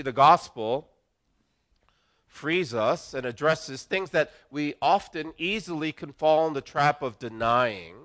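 A man's voice: medium pitch, a bit bright. A middle-aged man preaching a sermon as pastor, earnest and conversational, often restarting his phrases.

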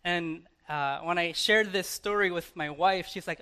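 American male pastor, 30s, clear high voice, casual sermon delivery with pauses. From United States. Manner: conversational preaching with dramatic pauses and soft asides. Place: church.

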